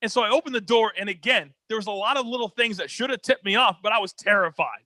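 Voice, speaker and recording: A man telling a dramatic story as an interview guest, energetic and expressive, on a close podcast mic. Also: sits high, quick pace, no room sound. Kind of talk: animated storytelling.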